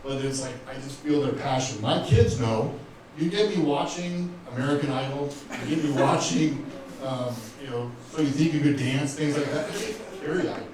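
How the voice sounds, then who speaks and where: A man's voice: medium pitch, normal speed, darkish tone, a little hiss or hum. A man in his fifties giving an emotional, earnest motivational talk to a live audience, speaking directly to the crowd. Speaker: speaker at a business event. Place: event room with audience. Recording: very echoey room, voice from far off, faint ambience.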